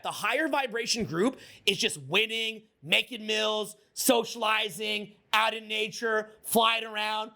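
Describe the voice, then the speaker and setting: Guy giving a hyped seminar talk, high bright voice, swears a lot, makes the crowd repeat stuff. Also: creaky. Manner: energetic, crowd call-and-response, swears freely. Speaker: social skills coach.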